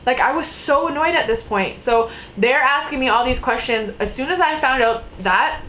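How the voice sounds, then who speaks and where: A young woman vlogger telling a story casually, full of "like" and "you know", jumping into higher voices when she acts out what people said. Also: normal speed, slight background noise, rough recording. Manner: animated storytelling, acting out quotes in a higher voice; filler-heavy, lots of "like" and "you know".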